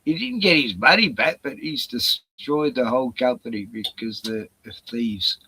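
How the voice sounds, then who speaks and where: A man's voice: mid-range voice, animated, a little slow, sharp tone, slight background noise, low-quality recording. A man chatting on a live stream in a rambling, profane rant full of sarcastic jokes, short on sleep. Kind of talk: casual ranting chat.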